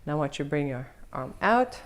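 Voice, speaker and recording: A woman's voice: low voice, big pitch swings, a little fast. A woman teaching an online belly dance lesson. She talks cheerfully, laughs often and counts out the moves while humming the music as "da da da".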